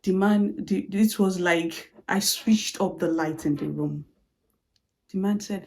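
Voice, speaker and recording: A woman's voice: lowish voice, slow pace, a little hiss or hum. A woman telling a personal story in a motivational talk, acting out the lines of the people she quotes. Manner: animated storytelling, acts out quoted dialogue. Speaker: motivational speaker.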